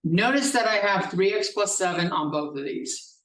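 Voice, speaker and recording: A man's voice: high voice, expressive, normal speed, fairly bright tone. A male math professor giving a classroom lecture, explaining step by step in a casual style with some swearing. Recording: echoey classroom from a distance.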